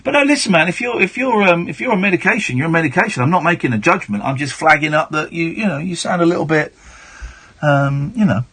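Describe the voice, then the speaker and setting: English male radio host, 40s, animated pitch, bright and a bit husky, stumbles and restarts sentences. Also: quick pace. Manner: chatty, stammering restarts, frank. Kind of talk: late-night call-in chat. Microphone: studio mic.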